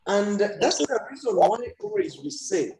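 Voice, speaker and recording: A man's voice: high voice, measured pace, reverberant, crowd noise, low-quality recording. A man teaching a biology lesson in an online class, often asking a question and then answering it himself.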